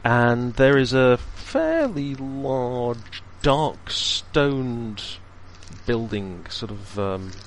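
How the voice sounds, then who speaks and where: A man running a tabletop game, describing scenes in measured phrases with thoughtful pauses. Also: medium pitch, very animated, a little hiss or hum. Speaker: game master.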